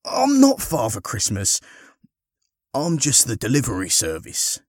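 A man reading a storybook voices an older retired sailor who talks firmly but gently. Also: on the low side, lively intonation, moderate pace, creaky, slightly rough, no echo, studio quality, heavily acted. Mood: protesting. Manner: firm, gently reassuring. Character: gruff retired sailor, kind but weary.

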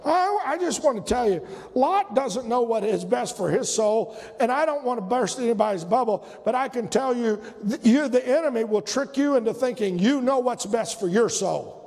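A male preacher delivering a sermon with a strikingly high, gravelly voice. He is animated, swinging into loud emphatic shouts and mimicking whiny pleas. His words ring out with the long reverb of a large church hall. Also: moderate pace. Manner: acts out whiny prayers in a mocking voice.

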